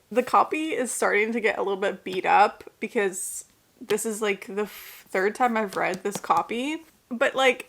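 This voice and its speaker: A woman's voice: medium pitch, a bit bright. A young woman chatting casually in a reading vlog, gushing and full of "like" fillers. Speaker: book vlogger.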